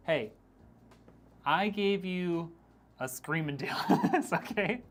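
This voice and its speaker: A man's voice: sits high, lively intonation, takes it slowly, slight background noise. A man with a somewhat raised voice chats loosely with his live-stream audience while building a PC. He jokes and teases his regulars and often breaks into laughter. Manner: joking, teasing, laughs often. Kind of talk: casual live-stream chat reading viewer messages.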